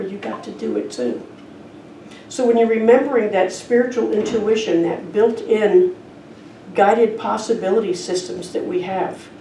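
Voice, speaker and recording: In a church sanctuary, a female minister preaches conversationally, weaving stories into her sermon. She has a mellow, mid-range voice. It's captured from a distance in a roomy church hall, with faint background noise.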